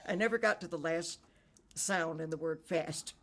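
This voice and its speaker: A man's voice: on the high side, normal speed, fairly bright tone. A man looking back on acting in an old film, reflective and amused. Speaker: actor interviewed. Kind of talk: interview recollection.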